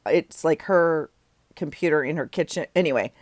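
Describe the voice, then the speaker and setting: A woman's voice: low voice, moderate pace, dry recording, clean studio sound. A middle-aged woman chatting casually while she works in her journal, rambling with self-deprecating asides. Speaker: journaling vlogger. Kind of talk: casual chat while crafting.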